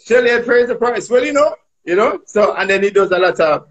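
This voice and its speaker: A man's voice: high-pitched, fairly quick, highs cut off. A man with a Jamaican accent, a sports reporter chatting animatedly on a panel. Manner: animated, patois-flavored. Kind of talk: casual panel chat.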